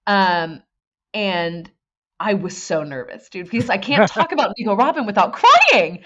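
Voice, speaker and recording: A woman's voice: mid-range voice, measured pace, dull audio. Gushing thirty-something woman guest. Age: 30s. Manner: emotional, gushing, animated storytelling. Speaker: guest voice actor. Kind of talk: casual podcast interview.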